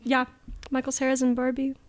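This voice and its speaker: Young female podcast co-host, slightly high, giggly and rambling. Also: monotone, fairly quick. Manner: rambling, giggly, swears freely. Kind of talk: casual comedic movie recap.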